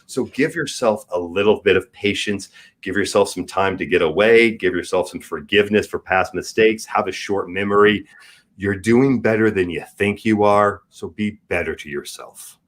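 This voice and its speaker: A man's voice: fairly low pitch, moderate pace. A man in his forties, a podcast guest, talking candidly and earnestly and giving advice in casual chat. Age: 40s.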